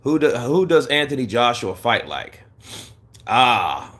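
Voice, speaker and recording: A man hosting a casual boxing livestream, blunt and animated, who swings between heated rants and low, mumbled asides while he reads the chat. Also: slow. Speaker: boxing commentary livestream host.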